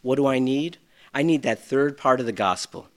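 A middle-aged man preaching a sermon, swinging between loud bursts and hushed lines, with self-deprecating humor. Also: mid-range voice, animated, normal speed. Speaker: pastor.

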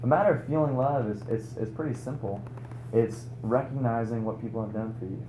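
A young man preaching a sermon at a conference, telling a story with lively rhetorical questions. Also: medium pitch, fairly quick, slight background noise. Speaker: conference speaker. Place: conference hall. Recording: roomy hall echo.

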